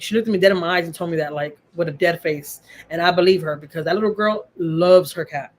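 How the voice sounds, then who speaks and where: A middle-aged woman from Texas hosts a casual livestream from home, answering viewer comments in a heartfelt way and repeating phrases for emphasis. Her voice is lowish and quick, with a little hiss or hum in the audio.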